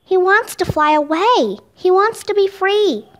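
A woman voicing an eager, cheerful young girl who pleads excitedly in a storybook reading. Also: extremely high pitch, measured pace, voice pushed up.

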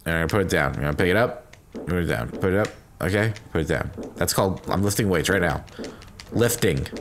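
Man, let's play commentary, very animated pitch, crude excitable yelps, faint noise behind. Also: quick pace. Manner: loud excitable outbursts, crude jokes. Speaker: gaming commentator.

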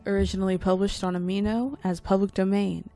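A woman narrating a creepy audiobook story in a low, gravelly storytelling voice. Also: little pitch movement, fairly quick, mellow, soft background music. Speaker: story reader.

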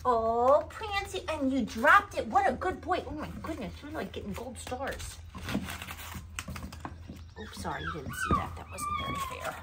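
Woman, slow cooing puppy talk, very lively pitch. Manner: sing-song baby talk to a puppy, cooing praise. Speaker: dog breeder evaluating a puppy. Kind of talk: casual running commentary to camera and a puppy. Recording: noisy background.

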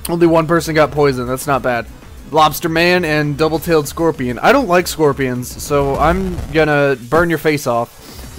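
A man casually commenting on his gameplay, rambling and excitable, swearing at enemies. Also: on the high side. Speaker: gaming channel host. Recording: faint game music behind. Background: game music.

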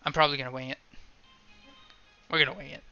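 Male gamer, wry and offhand, very bright tense tone, slightly dull dry recording. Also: mid-range voice, little pitch movement, fast, clear, resonant tone, no room sound, soft background music. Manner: wry, offhand reading of game lines. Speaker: let's play gamer. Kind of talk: casual game playthrough, reading dialogue aloud.

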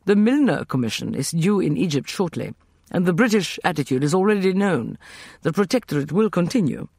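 A man's voice: high voice, sing-song, brisk, gravelly, a little mellow, slightly rough, dry recording, clean studio sound, voice pushed up, exaggerated voice. A man voicing an earnest young man who speaks seriously and a little impatiently.

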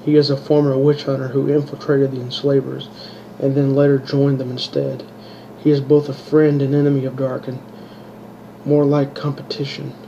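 A man reading his own fantasy story aloud, halting and restarting words, in a dull lo-fi home recording. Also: mid-range voice, completely flat delivery, creaky, warm tone, slight background noise. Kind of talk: amateur audiobook reading.

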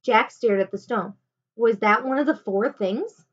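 A woman teacher reading a children's chapter book aloud at home, with expressive delivery. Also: on the high side, measured pace, lo-fi sound. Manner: expressive, animated. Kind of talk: storybook read-aloud.

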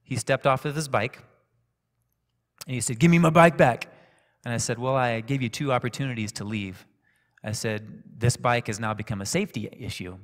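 A man preaching a sermon, telling a personal story in a calm, conversational way. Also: mid-range voice. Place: church sanctuary. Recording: echoey church hall reverb.

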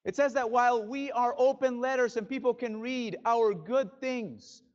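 A male pastor preaching a sermon in a church, dramatic, swinging from loud bursts to hushed drops. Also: extremely high pitch, moderate pace, highs cut off. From Spanish-speaking background. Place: church sanctuary.

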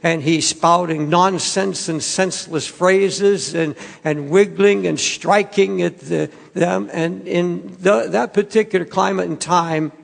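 An older male pastor preaching a sermon in an earnest, pleading way, with quiet, halting passages. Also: high-pitched, gravelly, in a large hall.

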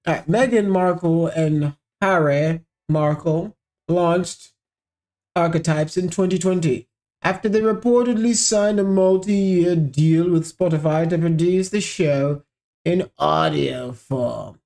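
A man's voice: a little high, slow pace, gravelly, darkish tone. Sarcastic man hosting a commentary show. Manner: mocking, sarcastic, mixes slang and asides. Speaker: show host.

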